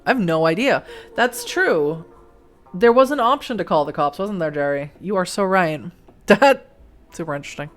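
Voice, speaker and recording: A woman's voice: on the low side, expressive, normal speed. A woman hosting a let's play at home, reading the game aloud and throwing in sarcastic, laughing asides. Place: home next to train tracks.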